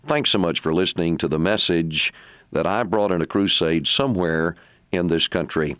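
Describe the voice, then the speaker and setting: A male preacher giving a calm, measured closing message on the radio, quoting scripture. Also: low voice, no echo.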